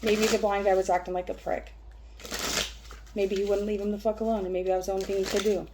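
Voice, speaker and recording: A woman vlogger who reads a text aloud haltingly and breaks off into rambling, profane talk. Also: mid-range voice, flat delivery, background noise. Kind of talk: reading aloud and casual ranting.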